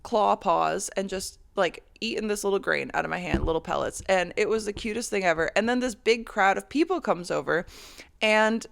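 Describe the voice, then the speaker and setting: Gravelly woman ranting on a podcast. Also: medium pitch, moderate pace. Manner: rambling and profane, with frequent laughs. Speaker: podcast host. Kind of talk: casual monologue.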